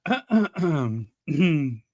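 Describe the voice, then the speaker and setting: A man's voice: fairly high pitch, big pitch swings, very slow, dark tone, no room sound. A man hosting a casual livestream, reading viewers' messages aloud in a chatty, apologetic way and laughing nervously. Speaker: channel host reading live chat.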